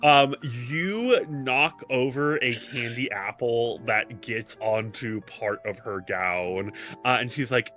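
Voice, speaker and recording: A man narrating as game master of a tabletop game, relaxed and hesitant with fillers. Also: medium pitch, slow, faint music behind.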